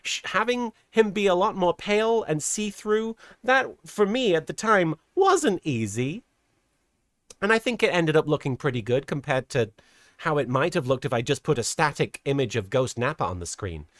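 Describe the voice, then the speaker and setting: A man's voice: fairly high pitch, big pitch swings, moderate pace, a bit bright, no echo, studio quality. A man casually commenting on a livestream, chatty and rambling, laughing often and poking fun at himself at a desk microphone. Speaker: streamer and host.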